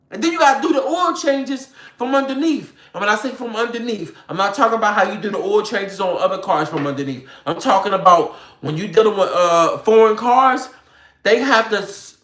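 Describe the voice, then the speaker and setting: Man doing a fired-up, profane rant straight to his viewers. Bright, edgy voice in a roomy, echoey space. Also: high-pitched. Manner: animated, profane, slangy, addresses viewers directly. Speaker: online commentator. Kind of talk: ranting talk to viewers. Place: home room with a computer. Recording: roomy echo.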